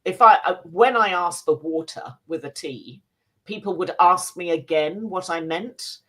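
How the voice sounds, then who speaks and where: Low-voiced British woman critic. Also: a bit bright. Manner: measured, chatty, frequent fillers. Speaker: film and TV critic. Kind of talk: casual review chat.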